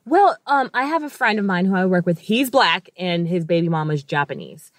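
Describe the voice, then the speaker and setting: A woman co-hosting a podcast in casual chat, telling stories and tossing out quick, laughing asides. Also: fairly low pitch, lively intonation, no echo, studio quality. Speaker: podcast co-host.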